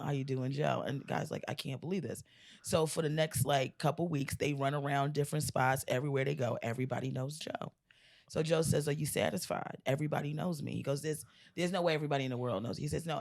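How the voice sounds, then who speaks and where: A woman in her forties, a comedian guest, telling a long joke in casual podcast chat, animated and laughing often. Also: low voice, creaky. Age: 40s. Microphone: studio mic.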